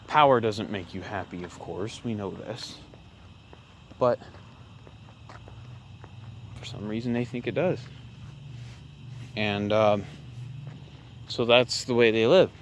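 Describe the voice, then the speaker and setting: A man wanders a rural area at dusk, filming on a handheld camera while he rambles sarcastically about politics with plenty of fillers and restarts. His voice is on the low side, slow and frequently pausing, against slight background noise.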